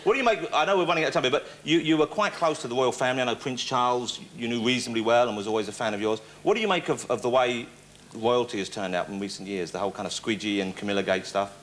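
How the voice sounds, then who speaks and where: A man's voice: medium pitch, quick pace, a bit bright. A man hosting a television talk show, putting chatty, eager questions to his guest. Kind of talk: television interview. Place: television studio with live audience. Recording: noisy studio with audience. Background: audience laughter and chatter.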